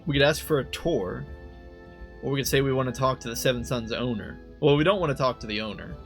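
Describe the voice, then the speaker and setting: A man's voice: medium pitch, quick pace, creaky, faint music behind. A young man giving casual, rambling commentary while playing a game at a desk microphone, second-guessing himself aloud. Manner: rambling, self-questioning, laughs easily. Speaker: let's play host.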